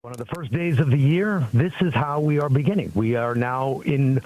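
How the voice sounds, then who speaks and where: A male news commentator analyzes events in a measured, slightly hesitant voice of middle pitch. The broadcast audio sounds dull and muffled. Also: a little mellow.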